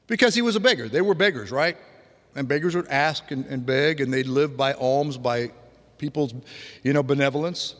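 A man's voice: medium pitch, normal speed. A man preaching a sermon in a loose, conversational way, with frequent restarts and vivid imitations of sounds. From grew up on a farm. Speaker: pastor. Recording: long hall reverb.

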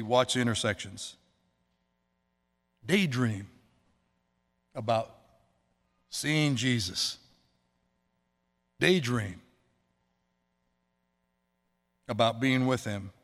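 A male pastor delivers a sermon in a loose, conversational way, tossing asides to the congregation. His voice sits at an ordinary middle pitch. It rings out with a long reverb from the church sanctuary around him.

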